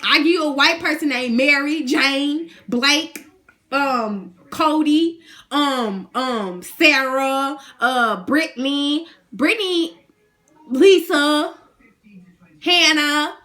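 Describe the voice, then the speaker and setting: A young woman, ranting to her viewers in an animated, indignant, slangy way. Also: high voice, slow pace. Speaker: vlogger. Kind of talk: casual rant to camera.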